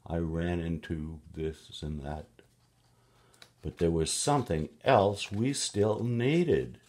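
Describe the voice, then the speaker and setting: A man's voice: low voice, slow, a little mellow. A man reading aloud the lines of a plucky young boy from a storybook, in a cheerful, proud telling.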